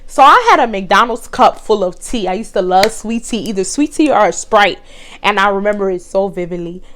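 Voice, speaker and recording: A woman, telling a blunt, profane, animated story to her vlog viewers. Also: medium pitch. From Texas. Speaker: vlogger.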